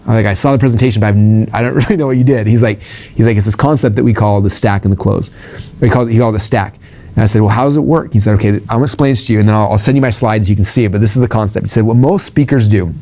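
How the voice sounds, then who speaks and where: A middle-aged man telling a story to an audience and teaching sales presentations, rapid and full of fillers, acting out the dialogue he quotes. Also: medium pitch, warm tone.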